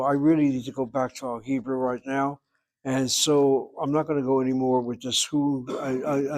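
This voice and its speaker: Guy teaching a hebrew class, mid pitch, punchy, drags words out to make a point. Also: fairly even intonation, a little mellow. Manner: emphatic, talks straight to students, slows down to stress words. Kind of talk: classroom lecture.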